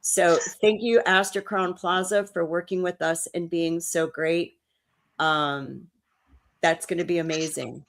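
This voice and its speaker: Chatty lower-voiced woman co-host. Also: fairly even intonation. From New Orleans. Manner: chatty, quick, emotional storytelling with restarts. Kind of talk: casual chat.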